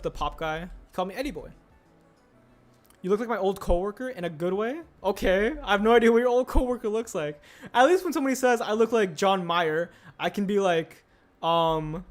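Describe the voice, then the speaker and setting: A young man streaming casually, rambling and answering chat aloud as he builds. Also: high-pitched. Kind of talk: casual livestream chat while building a set. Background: faint music.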